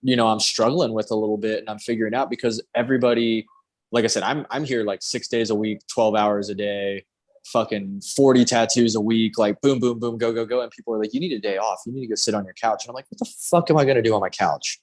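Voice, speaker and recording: A man's voice: lowish voice, steady tone, fast, a little mellow. Man, tattoo artist host, casual chat, candid, swears a lot, acts out quotes.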